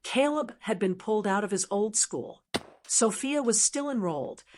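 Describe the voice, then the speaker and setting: A woman telling a first-person family story in a steady, measured way. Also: mid-range voice, noisy background. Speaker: narrator.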